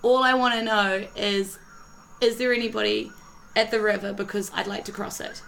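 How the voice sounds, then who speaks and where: A woman playing a tabletop game, speaking in a brisk, matter-of-fact way. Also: medium pitch, fairly even intonation, gravelly, fairly bright tone, slight background noise, low-quality recording. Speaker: player. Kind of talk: casual tabletop game play.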